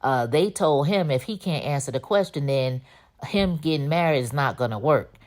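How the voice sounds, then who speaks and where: A woman hosting a casual TV episode recap, telling it in a slangy, conversational way and acting out the characters' lines with lively jumps in her voice. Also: normal speed. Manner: animated, acts out characters' lines with pitch jumps. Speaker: TV recap host.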